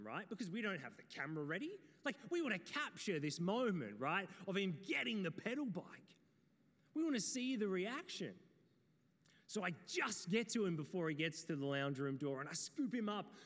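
A man preaching a sermon, telling stories and speaking straight to his listeners. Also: sits high. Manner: storytelling, animated, addresses the audience directly. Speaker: pastor. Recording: long reverb in a hall.

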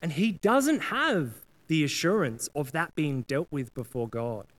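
A man's voice: a little high, lively intonation, a little slow. A man preaching a sermon in a casual, earnest way, often acting out prayers and apologies in quoted voices. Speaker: pastor.

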